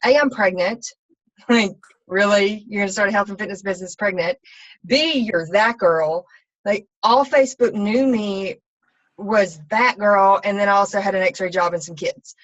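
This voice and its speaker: Brief: woman, mid-pitched, candid rambling testimony, slightly dull lo-fi sound. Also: normal speed. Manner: candid, rambling with many ums and restarts. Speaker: fitness coach. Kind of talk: personal testimony talk.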